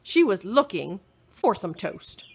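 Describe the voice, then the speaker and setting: A woman librarian reading a children's chapter book aloud in an expressive storytelling manner. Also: medium pitch, slow pace, husky.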